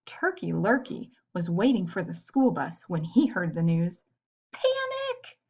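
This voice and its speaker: A woman reading a story aloud to children in a gentle way, pausing to ask her young listeners questions. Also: lowish voice, lively intonation, husky. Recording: dull lo-fi recording.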